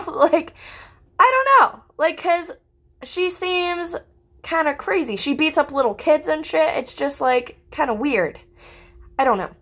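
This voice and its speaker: A woman's voice: high-pitched, slow, fairly bright tone. A young woman vlogging in a casual, rambling monologue, swearing often and packing her talk with fillers. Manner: profane, ranting, filler-heavy.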